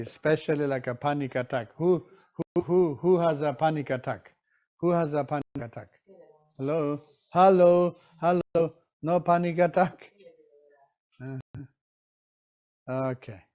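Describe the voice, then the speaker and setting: A man leads a live teaching session in unhurried, non-standard English, and his voice sits somewhat high. He checks in with his listeners constantly and acts out his examples with sounds and little scenes. His delivery is slow and deliberate. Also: a little mellow. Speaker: teacher of Tibetan medicine.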